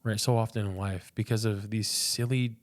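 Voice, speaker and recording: A man's voice: lowish voice, steady tone, moderate pace. A young man and pastor, a podcast guest, telling a personal faith story in an earnest, casual way, often repeating words and saying "dude".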